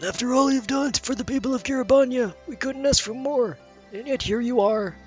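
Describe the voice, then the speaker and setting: A man's voice: very high-pitched, fairly quick, soft background music. A man voicing an earnest male leader from a fantasy game, reading aloud and tripping over words.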